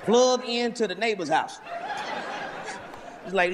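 A man performing stand-up comedy, profane, loud and animated in his storytelling. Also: high voice, normal speed, noisy background. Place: large venue with audience. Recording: live hall with loud crowd.

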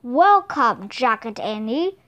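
A woman voicing a booming scornful ice wizard. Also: very animated, pushed and bright, dull audio, full character voice. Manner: booming, slow, commanding. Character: gruff giant one-eyed wizard, scornful.

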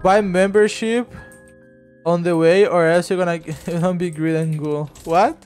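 Guy streaming a game, kinda high voice, rambles and laughs a lot, blurts out loud bits, faint music under it. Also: fairly even intonation, moderate pace, clear, resonant tone. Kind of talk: casual gameplay livestream chat.

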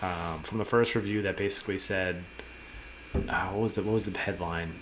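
A man co-hosting a podcast in casual chat, talking in quick bursts with stumbling restarts and repeated words. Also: low voice, fairly even intonation, noisy background. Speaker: podcast co-host.

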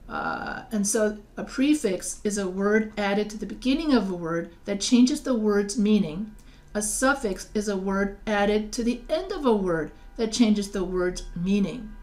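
A woman's voice: medium pitch, unhurried, darkish tone. A woman teaching writing, explaining spelling rules patiently, often restarting and spelling words out letter by letter. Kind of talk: recorded lecture over slides.

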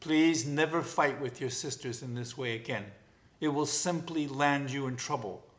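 A man voicing a patient, stern mother lioness in a storybook reading, calm and measured. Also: on the high side.

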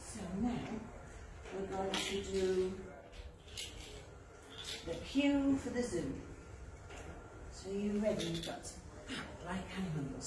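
A woman leading a children's library rhyme session, singing action songs and coaxing little ones along in a lively, playful sing-song. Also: mid-range voice, slow, pauses often, far from the mic. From England. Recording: echoey room, voice away from the mic, noticeable background noise.

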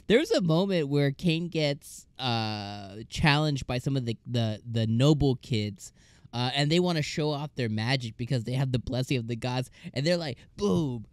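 A man's voice: mid-range voice, clear, resonant tone, dry recording. A man casually reviewing an anime episode, laughing often and acting out scenes in comic voices.

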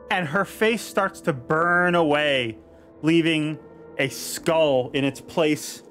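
A slightly high-voiced man runs a tabletop adventure as dungeon master, drawing out his descriptions slowly and dramatically. He talks into a headset on a video call, with soft music playing underneath. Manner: vivid descriptive narration, slowing down for dramatic effect. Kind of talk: narrating a tabletop game.

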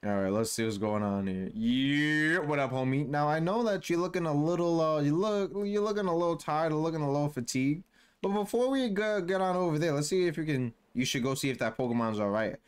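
A young man talks through a game in loose, slangy commentary. His fairly high voice swoops up and down with lively pitch. He sounds playful and casual throughout. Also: fairly quick, clear, resonant tone. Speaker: gaming YouTuber.

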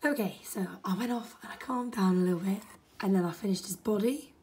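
A woman's voice: mid-range voice, brisk, dark tone, slightly rough. A woman vlogging with exasperated, sweary commentary, often muttering under her breath. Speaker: video creator. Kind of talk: frustrated casual vlog commentary.

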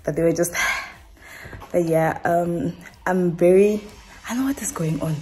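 Young namibian girl vlogging at home, emotional, rambly, lowish voice. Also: measured pace, mellow. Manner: emotional, rambling, fillers and restarts. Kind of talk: casual vlog talk to camera. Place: at home indoors.

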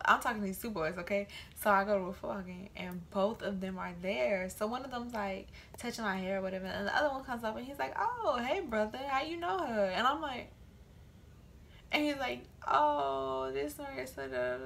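A young woman vlogging casually to her camera, telling animated stories and acting out the voices of the people in them. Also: medium pitch, vocal fry, a little hiss or hum. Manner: animated storytelling, quoting voices.

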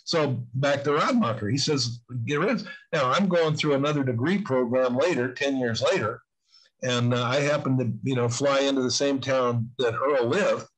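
An older man in his sixties speaks as an interview guest in an ordinary middle-pitched voice. He talks earnestly and conversationally, circling back and restarting his sentences as he goes. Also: moderate pace, rough recording. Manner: earnest, rambling with frequent restarts.

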